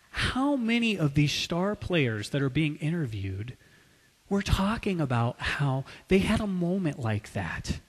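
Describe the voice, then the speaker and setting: A man preaching a sermon, swinging from loud, urgent passages to hushed, quiet asides. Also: on the high side, in a large hall. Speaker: pastor.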